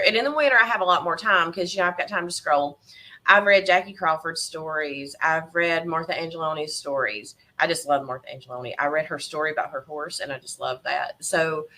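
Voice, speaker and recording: Bright, animated Southern woman. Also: fairly low pitch. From Tennessee. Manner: emotional, animated storyteller who laughs often. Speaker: podcast guest, horse breeder. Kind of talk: casual interview chat.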